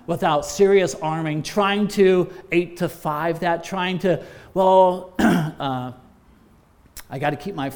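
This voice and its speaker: A man with a fairly high speaking voice delivers an emphatic training talk as a former missions pastor. He exhorts his listeners and pads his phrases with frequent "uh"s. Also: darkish tone.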